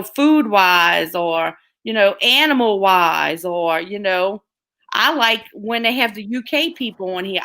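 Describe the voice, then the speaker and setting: A woman's voice: a little high, sharp tone. A woman chatting casually on a livestream, laughing often and acting out what she said. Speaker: livestream guest. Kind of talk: casual chat.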